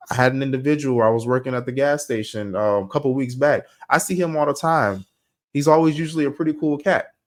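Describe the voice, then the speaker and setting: A young man hosting a podcast, talking casually and telling stories in a slangy, animated way. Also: medium pitch. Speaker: podcast host. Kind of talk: casual monologue.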